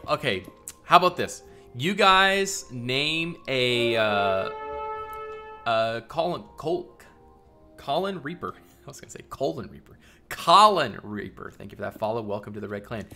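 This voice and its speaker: A man's voice: medium pitch, pushed and bright. A man streaming live and chatting casually with viewers, thinking aloud in a rambling way and laughing often.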